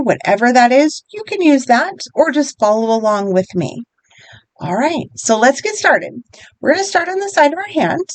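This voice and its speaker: A woman gently guides listeners through a tapping routine, one encouraging step at a time. Her voice sits a bit high and moves with lively melody at an unhurried, slow pace. The sound is close and dry. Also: no room sound. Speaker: EFT wellness guide.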